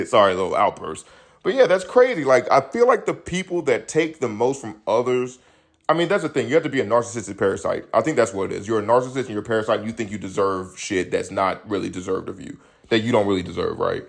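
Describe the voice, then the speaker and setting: A young man hosting a solo podcast, telling stories in a loose, profane, animated way and laughing often. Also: sits low, creaky. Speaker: podcast host. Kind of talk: casual solo commentary.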